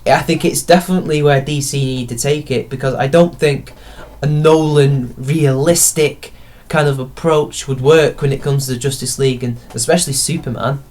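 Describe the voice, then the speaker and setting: A man's voice: mid-range voice, fairly even intonation, normal speed, a little mellow. A young man giving a casual, rambling film review, opinionated and often correcting himself mid-sentence.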